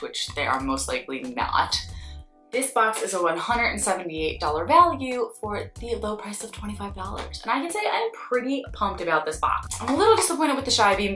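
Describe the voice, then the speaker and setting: Bright chatty young woman in a roomy space. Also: medium pitch. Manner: chatty, candid, wry asides. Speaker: beauty vlogger and freelance makeup artist. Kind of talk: casual unboxing chat. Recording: roomy echo, faint background music.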